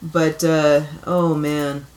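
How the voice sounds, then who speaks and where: A woman's voice: low voice, little pitch movement, extremely slow, darkish tone, a little hiss or hum. A woman co-hosting a casual movie podcast, chatty and giggly with frequent restarts. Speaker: podcast co-host. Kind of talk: casual movie-discussion chat. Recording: echoey room.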